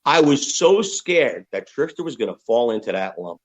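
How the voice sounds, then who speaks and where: A man's voice: mid-range voice, normal speed, poor audio. A man in his fifties, a rock musician telling candid, profane stories as an interview guest. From United States. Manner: profane, animated storyteller.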